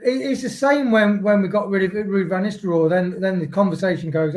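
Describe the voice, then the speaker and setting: A man's voice: high-pitched, fairly even intonation, a little fast. A man on a football fan panel, talking in rambling, musing stretches with frequent restarts. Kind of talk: casual football podcast chat.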